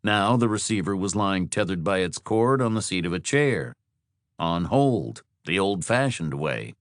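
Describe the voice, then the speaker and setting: A man reads a thriller audiobook in a measured, descriptive way. His voice is fairly low, with lively rises and falls. The recording is close and dry, with no room sound. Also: no room sound. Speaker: audiobook narrator. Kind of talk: scripted narration.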